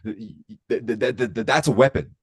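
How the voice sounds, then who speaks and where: A man's voice: mid-range voice, fast talker, slightly rough, natural voice. A man imitating a nervous elderly female museum guard who stammers and shakes as she speaks. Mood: stammering. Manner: stammering, shaky.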